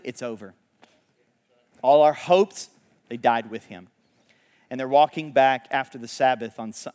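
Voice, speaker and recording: A man preaching a sermon, retelling a story in a casual, animated way with laughs and quick asides. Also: mid-range voice, big-room sound. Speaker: pastor.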